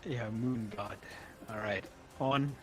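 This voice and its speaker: A man runs a tabletop game as its game master. He narrates the fights with lively energy and laughs often between lines. Faint music plays behind him. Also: on the low side, takes it slowly.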